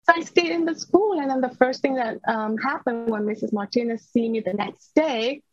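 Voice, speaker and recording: A woman's voice: on the high side, moderate pace, no room sound. A woman in her thirties, a podcast guest, earnestly recounting a personal story in a dull lo-fi recording.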